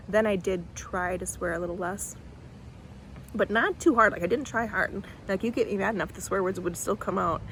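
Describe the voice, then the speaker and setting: A woman talking casually to camera outdoors in a faith vlog, chatty and animated, with lots of fillers and restarts. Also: mid-range voice, slight background noise. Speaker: vlogger. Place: outdoors in bright sun.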